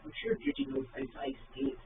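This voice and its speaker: A woman's voice: high-pitched, quick pace, creaky, background noise. Scottish woman chatting on a tinny livestream. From Scotland. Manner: rambling anecdotes, answering chat comments. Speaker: livestream host. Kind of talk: casual chat with live viewers. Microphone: phone livestream. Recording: phone-like sound from a distance.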